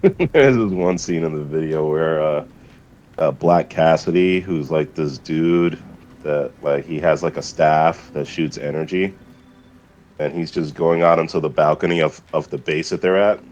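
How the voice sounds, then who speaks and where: A man's voice: extremely low pitch, a little slow, a little mellow, muffled recording, a little hiss or hum. A man streamer from the US chatting casually and rambling, swearing freely and laughing often. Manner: rambling, profane, laughing often, many fillers. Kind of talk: casual chat.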